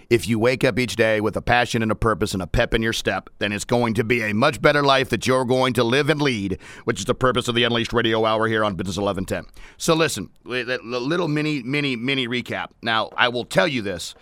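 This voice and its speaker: A man's voice: medium pitch, quick pace, fairly bright tone, no room sound. Scratchy-voiced upbeat male radio host. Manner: playful, rhymes and jokes, restarts. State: scratchy, strained voice. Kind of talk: energetic radio talk.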